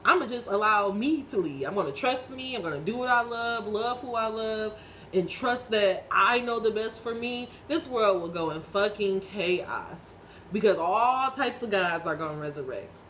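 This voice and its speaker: A woman's voice: medium pitch, expressive, moderate pace, a bit bright, a little hiss or hum, rough recording. A woman in her thirties reading tarot and giving viewers an emphatic, preachy spiritual pep talk, swearing freely and speaking bluntly to the listener. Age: 30s. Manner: preachy, talks straight to the listener. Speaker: tarot reader.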